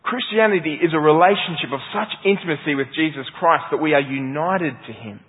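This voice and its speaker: A man preaching to his congregation, earnest and searching as he puts questions to them. His voice sits a bit high for a man. The sound is narrow and phone-like, with long reverb from the church hall. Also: a little fast. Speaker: pastor. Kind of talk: sermon.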